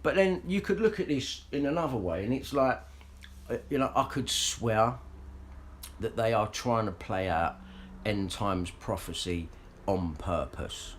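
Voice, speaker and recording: A man's voice: on the low side, expressive, a little slow, slight background noise. Sweary guy ranting on his stream, rambles, chats to viewers in the comments. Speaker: livestream vlogger. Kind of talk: casual ranting livestream.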